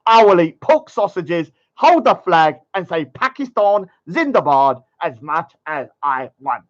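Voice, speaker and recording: A man's voice: high-pitched, very animated, measured pace, muffled recording, voice pushed down. A man voicing a boastful, taunting young man in a sing-song mocking voice.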